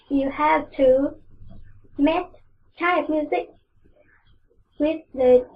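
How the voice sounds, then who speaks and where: A woman's voice: high-pitched, distant mic, highs cut off, slight background noise. A woman with a Vietnamese accent giving a classroom task in English, hesitant and full of fillers. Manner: hesitant, many fillers and restarts. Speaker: English teacher. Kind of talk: classroom lesson instructions.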